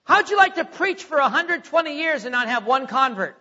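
High, lively preacher in a reverberant church. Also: male voice, fairly quick. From Texas. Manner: animated, jokey, acts out mocking voices. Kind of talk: sermon. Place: church sanctuary. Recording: dull sound with long hall reverb.

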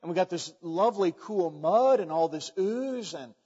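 Preacher guy doing a little mud-loving pig, a bit lower and softer than his own high voice, echoey hall, dull sound. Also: lively intonation, normal speed, husky. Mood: contented. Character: little male pig who loves the mud.

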